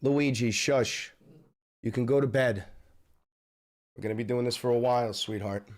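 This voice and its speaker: Man, live-stream host, middle-pitched voice, heavy swearing, yelling rants, low mutters. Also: moderate pace. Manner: swings from yelling, profane outbursts to low muttering; swears constantly. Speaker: livestream host reacting to news. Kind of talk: live-stream reaction rant.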